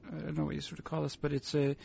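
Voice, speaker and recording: A man co-hosting a casual chat, rambling and halting, amused at his own stories. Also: a little high, monotone, vocal fry, darkish tone, breathy edge, no echo, dull audio. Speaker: podcast co-host.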